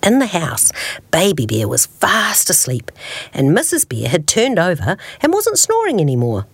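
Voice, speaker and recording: A woman radio presenter reading a children's bedtime story aloud, expressive and slow, adding playful sound effects. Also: on the low side, husky, no echo.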